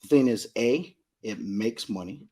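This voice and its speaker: Middle-aged male shop owner, husky, emphatic guest on a chat podcast. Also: lowish voice, unhurried, dark tone. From Southern California. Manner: emphatic, repeats points, asks "you know what I mean?". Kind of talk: casual podcast conversation.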